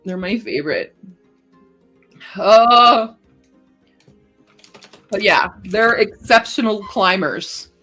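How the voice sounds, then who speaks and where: A woman's voice: mid-range voice, lively intonation, drawn-out words, pauses often, pushed and bright, soft background music. A woman chatting casually on a writing livestream at home, gushing and giggly. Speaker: writing streamer.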